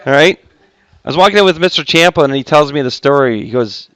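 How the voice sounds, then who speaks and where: Talking fast in a creaky, mid-range voice that's a bit bright, a high school math teacher jokes and chats with students between steps of a math class. This recorded classroom lesson has a dry sound.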